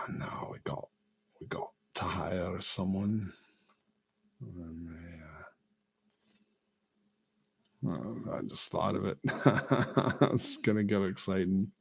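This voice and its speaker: Deep, husky man; slow, halting comic rambler. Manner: halting, self-amused, lots of fillers and restarts. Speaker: vlogger.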